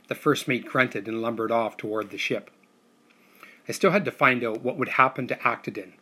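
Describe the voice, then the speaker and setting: Man narrating a story in a bright voice. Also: mid-range voice, moderate pace, husky. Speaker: audiobook narrator. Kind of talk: scripted first-person narration.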